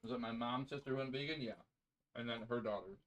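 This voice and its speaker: A man's voice: medium pitch, a little fast, a bit bright, poor audio. A man co-hosting a cooking stream from his home kitchen, laid-back and joking as he tells stories. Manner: laid-back, jokey storyteller. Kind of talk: casual chat on a live cooking stream.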